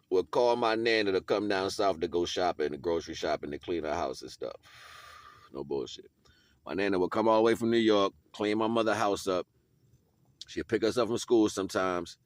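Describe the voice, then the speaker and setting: A man's voice: lowish voice, no room sound. Easygoing man with slangy, dry-sounding talk. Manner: street slang, keeps asking "you know what I'm saying"; laughs often while talking. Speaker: video blogger. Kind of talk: casual motivational monologue.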